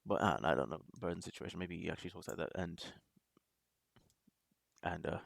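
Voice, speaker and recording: A man with a very low, deeply gravelly voice rambles through a casual reaction commentary, halting and restarting as he thinks aloud. His tone is husky and the room sounds close and dry. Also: no room sound. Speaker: reaction video host.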